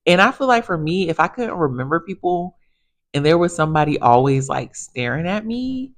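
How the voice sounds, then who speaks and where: A woman physical therapist telling stories in a chatty, animated way, addressing viewers casually. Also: sits low, moderate pace. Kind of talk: casual storytelling monologue.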